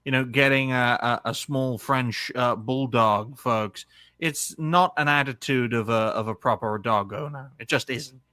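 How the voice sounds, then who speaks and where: A man hosts a mocking commentary in the persona of a dignified cartoon gentleman, addressing his viewers as folks with heavy sarcasm. His voice is bright and forceful. It sounds dry and close to the mic. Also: mid-range voice, unhurried, dry recording. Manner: sarcastic, says "folks" often. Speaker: host. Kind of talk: satirical commentary.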